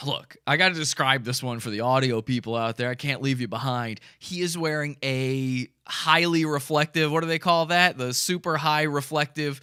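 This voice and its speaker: A man's voice: medium pitch, normal speed, few pauses, bright, forceful tone, smooth, no room sound, clean studio sound. A man hosting a podcast, giving mocking, sarcastic commentary on a video and describing it for listeners. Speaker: podcast host.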